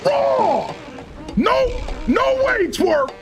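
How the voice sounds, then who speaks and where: A man voicing a grumpy male mole who rants and scolds the player with gruff shouts. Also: very high voice, sing-song, drawn-out words, faint music behind, exaggerated voice. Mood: bossy. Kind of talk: reading game dialogue aloud in character.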